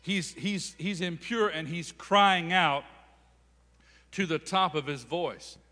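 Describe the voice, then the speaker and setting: Male pastor, high bright voice, church hall reverb. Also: takes it slowly. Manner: preaching with call-and-response. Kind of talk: sermon.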